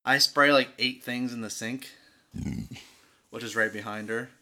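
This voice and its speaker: A young man co-hosting a podcast, chatting casually and telling an animated story with plenty of swearing. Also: mid-range voice, measured pace. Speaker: podcast co-host. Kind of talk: casual chat.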